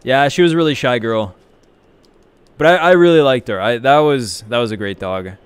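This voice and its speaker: A man's voice: medium pitch, moderate pace, clear, resonant tone, no room sound. A man streaming a video game, chatting casually with viewers, rambling and swearing as he answers their messages. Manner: rambling, profane, reads and answers chat. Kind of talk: casual live-stream chat while gaming.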